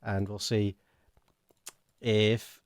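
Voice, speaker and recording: A man co-hosting a charity stream in casual chat, giggly and excitable. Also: extremely slow, dry recording, clean studio sound. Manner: giggly and excitable, swings pitch widely.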